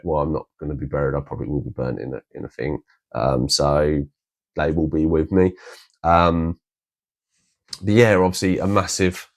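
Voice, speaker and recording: A man's voice: deep voice, darkish tone. A man rambling casually with many restarts, showing off his collection in a vlog. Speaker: collector vlogger.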